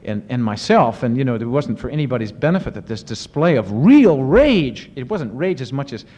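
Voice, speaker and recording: A man, an author and professor, answering audience questions in lively storytelling with many restarts and fillers. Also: mid-range voice, normal speed, big-room sound. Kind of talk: casual spoken Q&A. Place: university lecture event. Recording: muffled 1970s archive recording.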